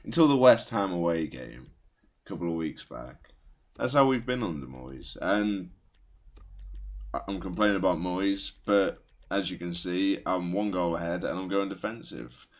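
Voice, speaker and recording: A man's voice: sits low, lively intonation, moderate pace. A man giving casual, wry, self-mocking commentary over his football video game, rambling into asides. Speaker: gaming commentator. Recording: slightly dull lo-fi recording.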